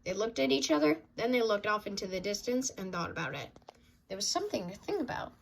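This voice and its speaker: A woman reading a children's picture book aloud in an expressive way. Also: mid-range voice, quick pace, creaky. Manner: expressive, sound-effect dings between pages. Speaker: storybook reader.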